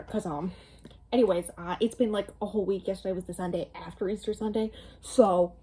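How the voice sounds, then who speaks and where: A woman's voice: mid-range voice, steady tone, a little fast, dark tone, slightly rough. A woman in her twenties chatting casually in a book vlog, rambling with many fillers and little laughs, recorded at home into a camera in front of her. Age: 20s. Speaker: book vlogger. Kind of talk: casual chat.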